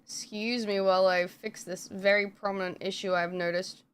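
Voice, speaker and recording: A woman's voice: mid-range voice, fairly even intonation, normal speed, clean tone. A woman streamer chatting casually on a live stream, rambling with lots of fillers and frequent swearing.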